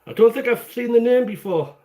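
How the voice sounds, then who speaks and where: A man's voice: very high voice, fairly quick, darkish tone, slight background noise. A man from the UK hosting a casual live cooking stream from his home kitchen, chatty and jokey, rambling as he greets viewers by name. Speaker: cooking show host.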